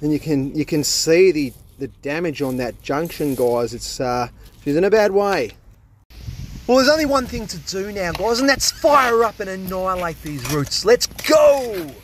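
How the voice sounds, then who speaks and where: Chatty Australian tradie, a bit high. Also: male voice, lively intonation, moderate pace, slight background noise. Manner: chatty and jokey, swears casually. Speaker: plumber filming his job. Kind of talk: casual on-the-job vlog. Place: outdoors at a drain. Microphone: handheld phone.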